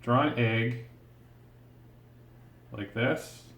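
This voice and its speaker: Very slow and steady, a man with a mid-range, fairly bright voice walks through a step-by-step drawing lesson. He talks through each stroke as he draws, thinking aloud with patience and encouragement, in a recording with roomy echo.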